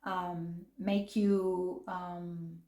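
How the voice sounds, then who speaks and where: A woman's voice: fairly low pitch, flat delivery, drawn-out words, mellow, reverberant. A middle-aged woman explaining psychology casually and animatedly, acting out quoted lines and laughing often. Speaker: psychology video host.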